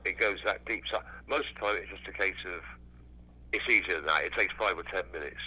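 Englishman guesting on an interview, bright edgy timbre, rambling and profane. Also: low voice, brisk, slightly rough, poor audio. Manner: swears freely, rambling with restarts. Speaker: musician guest. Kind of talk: casual interview chat.

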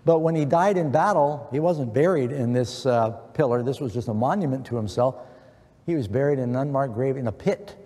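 A man's voice: medium pitch, a little fast, warm tone. A middle-aged man preaching an earnest sermon, quoting scripture with emphasis. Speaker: pastor. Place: church. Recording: long church reverb.

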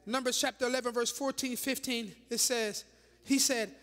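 Speaking at normal speed in a fairly high voice, a woman bishop gives an animated, dramatic sermon in church. She fires rhetorical questions at the congregation and tosses in laughing asides, all ringing with the long reverb of a large hall.

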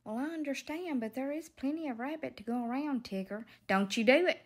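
A woman's voice: high-pitched, a little fast. A woman, a pet owner, playfully teasing her cats in a comedic pet voiceover.

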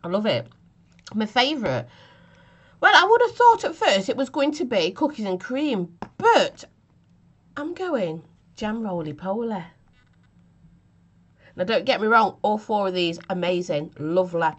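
A woman's voice: mid-range voice, sing-song, a little slow. A woman chatting casually through a vape flavour review, giggly and self-mocking, with a cough from a chest infection.

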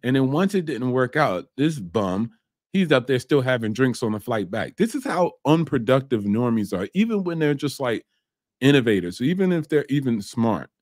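A man's voice: mid-range voice, big pitch swings, normal speed, a little mellow, no echo, studio quality. A man hosting a reaction show, ranting bluntly and mockingly about a clip, with frequent swearing. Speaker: host reacting to a documentary.

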